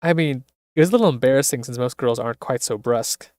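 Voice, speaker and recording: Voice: medium pitch, fast talker, no echo, clean studio sound, natural voice. A streamer with a Scottish accent voicing a blunt, cool-sounding teen girl. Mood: wry. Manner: blunt, deadpan.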